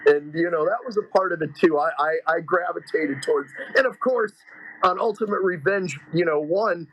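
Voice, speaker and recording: A man's voice: a little high, normal speed, breathy edge, low-quality recording. A man in casual podcast chat, telling stories with lots of fillers and swearing. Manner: excitable storyteller, heavy swearing and fillers.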